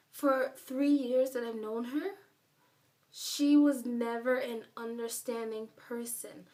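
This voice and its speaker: Speaking slowly with a flat delivery, this woman's voice is on the high side and a little mellow. She's a vlogger rambling through a story, leaning heavily on "like" and hammering her points, recorded somewhat far from the mic.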